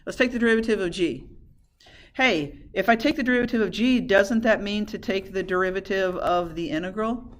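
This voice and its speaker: A woman's voice: medium pitch, a little fast. A woman math teacher lecturing a class in a classroom, asking questions and answering them herself.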